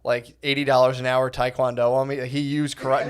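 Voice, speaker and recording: A man's voice: mid-range voice, little pitch movement, brisk, noisy background. A man in his thirties co-hosting a podcast, telling rambling, profane comic stories and laughing often. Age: 30s. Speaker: podcast co-host. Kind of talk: casual comedic storytelling.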